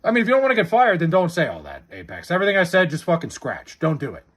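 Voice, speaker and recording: A man's voice: fairly high pitch, huge pitch swings, rapid-fire. A young man streaming live, chatting casually and bluntly with his chat, swearing a lot as he answers their questions.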